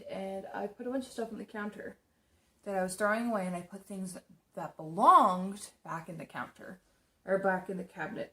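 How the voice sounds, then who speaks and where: A woman's voice: medium pitch, a bit bright. A young woman casually telling stories while doing her makeup, chatty and rambling, swearing freely. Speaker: makeup streamer.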